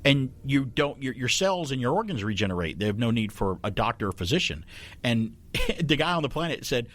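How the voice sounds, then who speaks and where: A man hosting a casual radio talk show, chatty and quick to laugh. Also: mid-range voice. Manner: animated, chatty, laughs often.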